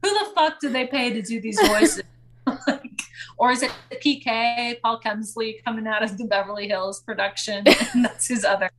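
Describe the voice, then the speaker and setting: A woman's voice: on the high side, moderate pace. A young woman co-hosting a casual podcast, recapping a reality show, laughing often and acting out quotes. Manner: animated, laughing, acts out quotes. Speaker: podcast co-host.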